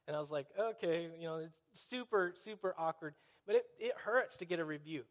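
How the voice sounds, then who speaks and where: A man's voice: high-pitched, brisk, few pauses. A man preaching a conversational sermon, dropping in wry, sarcastic asides.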